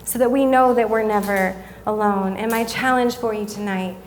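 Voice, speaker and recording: A woman, giving a sermon as a guest speaker, telling a family story in a chatty, self-deprecating way and softening when she reflects. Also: mid-range voice, fairly even intonation, moderate pace, a little hiss or hum. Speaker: guest speaker at a young adult service.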